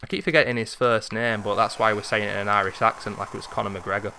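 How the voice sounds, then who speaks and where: A man in his thirties giving casual play-by-play of a retro hockey video game, chatty and wandering, jumping into excited calls. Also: lowish voice, fast talker, gravelly, hardly any pauses, a little hiss or hum. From Britain. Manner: chatty, drifts into memories, rises into excited calls at goals. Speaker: gaming video host.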